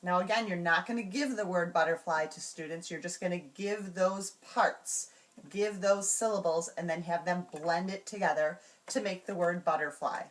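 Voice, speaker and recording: A woman's voice: lowish voice, distant mic. Woman teaching routines, a bit off-mic. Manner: clear, measured, slows to sound out example words. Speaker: teacher trainer. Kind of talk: instructional walkthrough.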